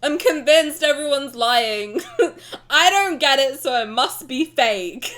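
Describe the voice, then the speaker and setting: A woman's voice: high voice, lively intonation, slow pace, fairly bright tone. A young woman streamer chatting casually in a reaction stream, teasing and blunt, swearing freely and laughing often.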